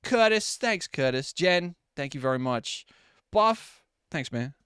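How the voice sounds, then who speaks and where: A man in his twenties chatting casually with viewers on a live stream, animated and quick to swear. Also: a little high, smooth. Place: at home at his desk.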